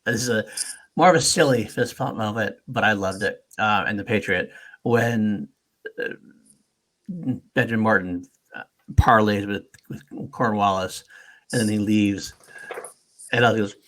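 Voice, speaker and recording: A man co-hosting a podcast, chatting casually about movies, gushing and often dropping into hushed, whispered asides. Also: lowish voice, unhurried, pauses often. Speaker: podcast co-host. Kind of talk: casual film-discussion chat.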